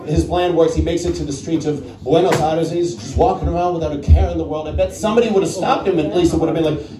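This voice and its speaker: A man's voice: fairly high pitch, fast, hardly any pauses, distant mic. A male stand-up comedian from the Netherlands, telling a chatty story on stage and talking with the crowd. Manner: chatty, acts out voices, talks to the crowd. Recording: roomy club sound with crowd. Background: audience laughing.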